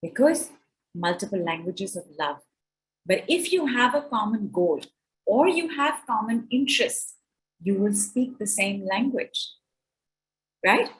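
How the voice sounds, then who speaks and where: Middle-aged woman giving an animated talk. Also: mid-range voice, a little slow, long pauses, poor audio. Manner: animated, conversational, with quoted asides. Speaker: relationship speaker. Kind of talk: talk at an online summit.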